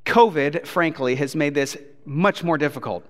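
A thirtysomething pastor's fairly high voice rings with long reverb through a church auditorium as he preaches at a moderate pace. Telling stories with animation, he breaks into his toddler's responses.

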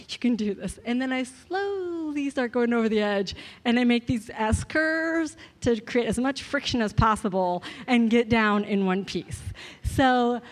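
A woman, giving a church message in a soft-spoken, self-deprecating way with hesitant restarts. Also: a little high. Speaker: guest speaker. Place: church sanctuary. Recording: long reverb of a hall.

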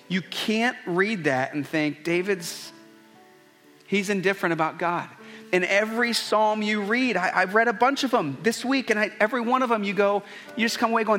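High-voiced man preaching earnestly. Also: animated, normal speed, a bit bright, faint music behind. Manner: earnest, conversational preaching with restarts. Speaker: pastor. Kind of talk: sermon.

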